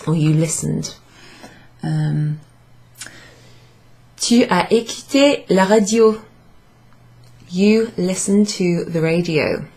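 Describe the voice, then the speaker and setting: A woman teaching a French grammar class, patiently repeating and modelling French phrases slowly. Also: lowish voice, vocal fry, a little mellow. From Wales. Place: pub function room, indoors.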